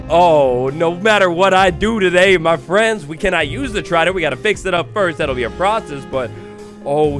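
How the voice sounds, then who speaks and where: A young man talking through his survival game run in a bright, high voice that swings up and down constantly. He is playful and chatty, jokes with the creatures he runs into, and music plays softly under his voice. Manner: animated, playful, talks to mobs, bursts into excited yelps. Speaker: gaming YouTuber. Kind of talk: Minecraft let's play commentary.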